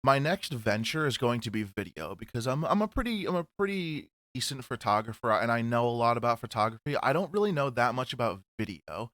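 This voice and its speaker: A man co-hosting a casual podcast chat, rambling with restarts, swearing and laughing loudly. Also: medium pitch, sing-song, fairly quick, hardly any pauses, no echo. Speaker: podcast co-host.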